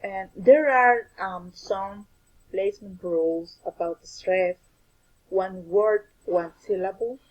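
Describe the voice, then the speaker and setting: A woman giving a scripted lesson on pronunciation, explaining carefully and deliberately with examples. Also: medium pitch, darkish tone, low-quality recording.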